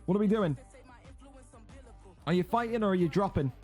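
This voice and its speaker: Man, high-pitched, sarcastic, exasperated, swearing, livestream host, faint music behind. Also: animated, normal speed, mellow. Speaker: league host and streamer. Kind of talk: ranting livestream commentary.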